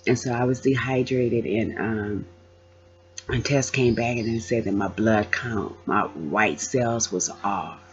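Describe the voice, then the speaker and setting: A woman's voice: very deep voice, unhurried. Woman animatedly retelling a scare. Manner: animated, acts out the voices in her story. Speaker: vlogger. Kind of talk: casual storytelling to camera. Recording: dull lo-fi sound.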